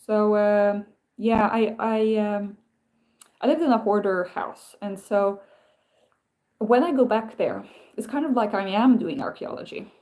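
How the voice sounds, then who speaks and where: A woman's voice: mid-range voice, unhurried, mellow. Chatty woman rambling on a live stream. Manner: rambling, self-interrupting storytelling with many restarts; reads out viewer comments and answers them. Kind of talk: casual live-stream chat.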